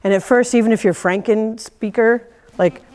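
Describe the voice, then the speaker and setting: A woman teaching a class of horse owners, animated, laughing often and acting out quoted voices. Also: fairly high pitch, normal speed, in a large hall. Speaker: horse trainer giving a lecture. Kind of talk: lively teaching talk.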